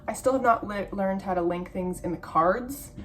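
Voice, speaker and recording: A woman's voice: mid-range voice, moderate pace. A young woman chatting casually and rambling, swearing freely as she shows yarn and dyes it at home. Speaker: vlogger, yarn dyer.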